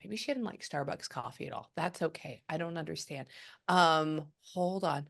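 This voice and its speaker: A woman with a low, creaky voice and a fairly bright tone speaks at a moderate pace. She's a psychic medium chatting casually through a reading, relaying and quoting messages at length and often trailing off mid-thought.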